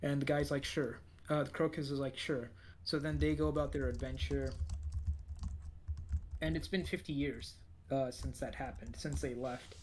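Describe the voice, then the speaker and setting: A man's voice: medium pitch, fairly even intonation, normal speed, a little mellow, slight background noise. A man co-hosting a podcast, recapping an anime episode in a rambling way, full of fillers and restarts. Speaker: podcast co-host.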